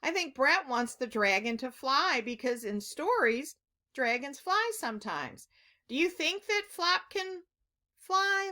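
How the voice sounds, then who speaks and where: A woman reading a picture book aloud to young children, gently asking them questions as she goes. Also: sits high, expressive, slow pace. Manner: gentle, encouraging, asks the listener questions. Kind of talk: read-aloud story lesson for kids.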